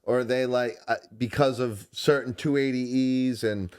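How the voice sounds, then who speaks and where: A man at a middle pitch hosts a podcast and puts long, loose questions to his guest. He stumbles and restarts partway through them and speaks in a relaxed, casual way. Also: moderate pace, clean tone. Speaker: podcast host. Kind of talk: casual chat.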